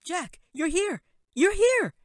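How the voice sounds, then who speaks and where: A man's voice: very high voice, sing-song, slow pace, dry recording, studio quality, voice pushed up, exaggerated voice. A man doing a spirited little girl. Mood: overjoyed. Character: little eight-year-old girl, spirited and sweet.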